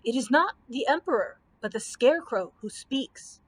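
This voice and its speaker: A woman voicing a crafty, scheming male court official with a shrill, sly manner. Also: lively intonation, normal speed, slight background noise, lightly acted.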